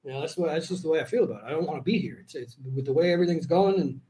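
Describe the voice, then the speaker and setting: A man with a notably high speaking voice, chatting as a podcast guest. He rambles loosely, swears freely and keeps laughing in the middle of his sentences. The talk is casual and unscripted. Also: animated, racing, dark tone, rough recording. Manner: rambling and profane, laughs often mid-sentence. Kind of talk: casual conversation.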